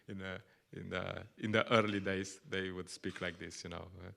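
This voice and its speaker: A man's voice: deep voice, little pitch movement, a little slow, gravelly, sharp tone. A man with Slovenian as his first language giving a conversational scripture class in English, often laughing and acting out little quotes. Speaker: lecturer at a temple.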